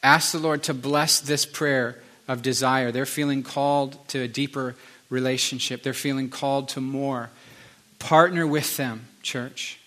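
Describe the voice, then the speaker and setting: A man pastoring a church service, leading a fervent prayer with repeated pleas, sometimes hushed. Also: mid-range voice, steady tone, unhurried. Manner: fervent repeated pleading, soft and hushed at times. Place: church sanctuary.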